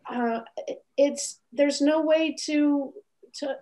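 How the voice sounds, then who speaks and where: Woman guest, animated storyteller, slightly high voice, video call. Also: extremely slow. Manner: animated, acts out quoted voices. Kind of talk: storytelling interview.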